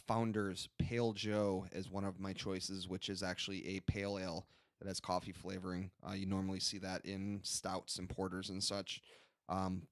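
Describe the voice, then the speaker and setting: A man's voice: on the low side, no echo, studio quality. A young man co-hosting a casual beer-tasting podcast, rambling with fillers and restarts as he reads out beer descriptions. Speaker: podcast co-host reviewing beers.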